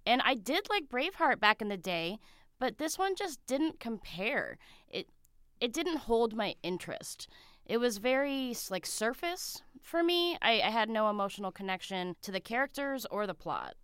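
A woman's voice: on the high side, very animated, moderate pace, a bit bright, clear, resonant tone, no room sound, studio quality. A woman co-hosting a casual film review, frank and conversational.

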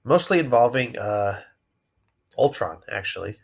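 Male co-host, mid-pitched, laughs a lot, trivia-sharing chat. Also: animated, a little slow, vocal fry, breathy edge. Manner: laughs often, shares trivia. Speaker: podcast co-host. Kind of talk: casual chat.

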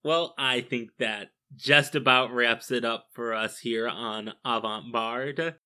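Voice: medium pitch, fairly even intonation, slow, bright, forceful tone. A co-host of a casual film review podcast who adds wry quips.

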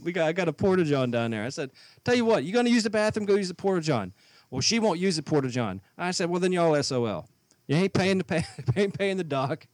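A man's voice: a little high, dry recording. A man co-hosting a podcast, telling a story in casual chat and acting out both sides of an argument. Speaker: podcast co-host.

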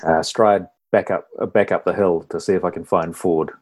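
A man, playing a tabletop game and describing his moves in a halting, hesitant way. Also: sits low, steady tone, a little mellow. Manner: hesitant, halting, many restarts. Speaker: player.

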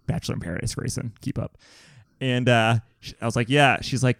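A man co-hosting a podcast, telling stories in a lively, swearing, casual way. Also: medium pitch, normal speed, gravelly, no room sound, clean studio sound. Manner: animated, swearing storyteller. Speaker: podcast co-host. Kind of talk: casual chat.

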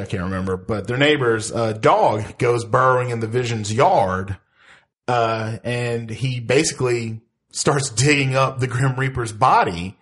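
A man's voice: medium pitch, fairly bright tone. A man co-hosting a comic book podcast in casual chat, rambling and swearing loosely between laughs. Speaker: podcast co-host.

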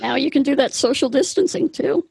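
A woman co-hosting a casual chat, upbeat with quick reactions. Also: high-pitched, creaky, a little mellow, no room sound. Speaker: co-host.

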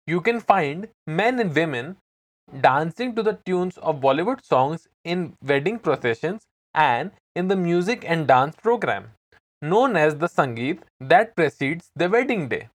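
A podcast co-host reading a script in an expressive, lively way. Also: medium pitch, a little slow. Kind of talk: scripted educational podcast narration.

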